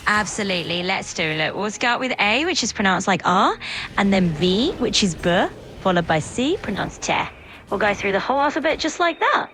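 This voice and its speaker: A woman's voice: medium pitch, very animated, normal speed, fairly bright tone, slight background noise. A woman's voice as an AI assistant, upbeat and agreeable, always promising to go on but stalling and repeating herself. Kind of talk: synthetic assistant chat.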